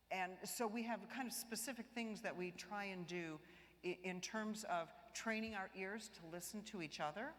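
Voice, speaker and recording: Her voice fairly low, a choir director runs a live warm-up session, singing the exercises herself and cheering the singers on with gentle humor. The long reverb of the big church surrounds everything.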